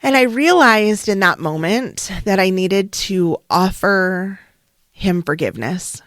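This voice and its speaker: A middle-aged woman, a wellness coach and counselor, shares a personal story in an unhurried, heartfelt monologue. She speaks slowly, with halting pauses, at a middle pitch. The sound is close and dry, with no room echo. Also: animated, a bit bright. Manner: slow, halting, heartfelt delivery.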